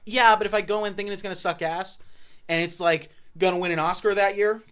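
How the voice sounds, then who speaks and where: A young man co-hosting a podcast, rambling through casual chat and animated storytelling. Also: sits high, a little fast, smooth. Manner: rambling, animated storytelling with goofy put-on voices. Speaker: podcast co-host.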